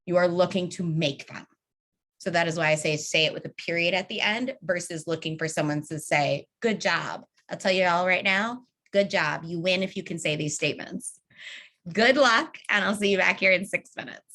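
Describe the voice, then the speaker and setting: Her voice sits on the low side with a bit of brightness, moving at a moderate pace. She's a young adult woman hosting an online training session via video call, conversational and upbeat, calling the group "y'all."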